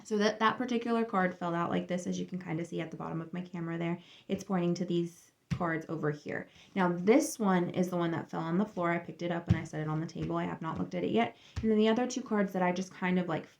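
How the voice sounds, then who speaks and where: Chatty woman with a lowish voice doing a tarot reading. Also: fast talker, creaky, hardly any pauses, darkish tone. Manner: chatty, rambling, friendly asides. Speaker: tarot reader. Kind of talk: casual tarot reading to camera.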